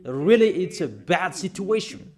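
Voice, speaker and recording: A man's voice: sits high, big pitch swings, a little slow, darkish tone. A man preaching a sermon, insistent, repeating phrases and asking rhetorical questions.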